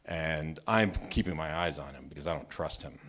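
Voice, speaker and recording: A married man telling a true personal story at a live open mic, animated and self-mocking, often restarting his sentences. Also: extremely low pitch, moderate pace. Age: adult, married. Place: storytelling venue, live event.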